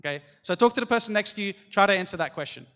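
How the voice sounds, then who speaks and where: A man's voice: high voice, lively intonation, rapid-fire, pushed and bright. Young man telling a church youth talk. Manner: storytelling, addresses the group with repeated "okay?". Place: church hall. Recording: long hall reverb.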